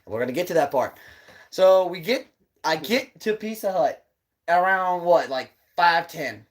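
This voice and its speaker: A man's voice: high voice, expressive, unhurried. A man in his twenties co-hosting a podcast, telling a rambling, laughing story in casual chat, swearing as he goes. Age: 20s. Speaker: podcast co-host.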